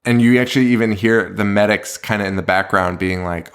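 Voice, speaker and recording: A man's voice: fairly low pitch, measured pace, hardly any pauses. A man co-hosting a podcast, chatting casually and swearing a lot as he recaps a movie's plot with acted-out quotes. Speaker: podcast co-host.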